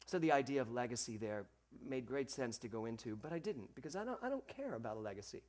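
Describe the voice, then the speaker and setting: A man preaching a sermon to a congregation, animated, acting out the voices he quotes and speaking directly to his listeners. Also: mid-range voice, fast. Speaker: minister.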